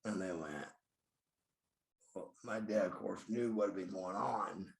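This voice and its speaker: A deep, gravelly voice belongs to a man in his fifties, a former pro wrestler, who speaks a little slowly. He tells blunt, profane stories in a podcast interview, refers to himself by name, and is recorded in an echoey room.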